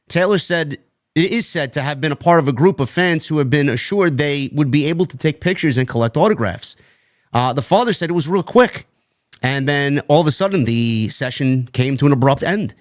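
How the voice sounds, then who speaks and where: A man on a wrestling talk show reads a news report aloud at a measured pace, adding dry chuckling asides. His voice sits a little high for a man. The recording is close and dry. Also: lively intonation, no echo. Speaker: podcast co-host.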